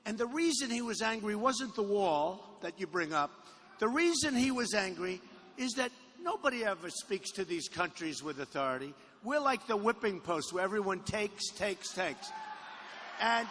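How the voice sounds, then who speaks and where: A man's voice: sits high, pushed and bright. A man giving a rally speech in a hangar, boastful and rambling, often repeating his phrases. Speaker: presidential candidate at a campaign rally. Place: aircraft hangar with a crowd. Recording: echoey hangar, faint background noise.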